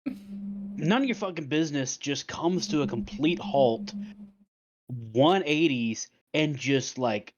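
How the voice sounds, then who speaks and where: A man narrating as game master in a tabletop game, laughing and cursing casually. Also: medium pitch. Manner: laughing, loose, profane narration. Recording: dull lo-fi audio.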